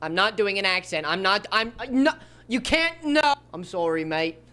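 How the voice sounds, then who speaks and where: A man's voice: high-pitched, lively intonation, normal speed, bright, forceful tone, clear, resonant tone. A man putting on a mocking, sing-song voice of a flippant young man who sounds falsely apologetic.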